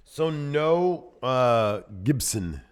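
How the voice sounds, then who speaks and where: A man co-hosting a podcast in casual chat, laughing often and dropping into low trailing asides. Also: very animated, drawn-out words, smooth. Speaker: podcast co-host.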